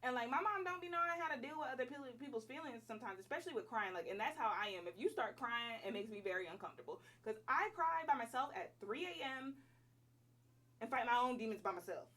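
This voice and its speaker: A woman's voice: a little high, lively intonation, quick pace, a bit bright, recorded from a distance. A woman in her twenties telling a personal story at home, casual, slangy and emphatic. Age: 20s. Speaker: vlogger.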